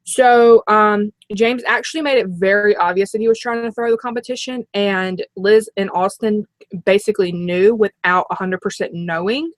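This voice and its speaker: A woman's voice: medium pitch, moderate pace, no echo. A female co-host recapping events in casual chat, rambling with fillers.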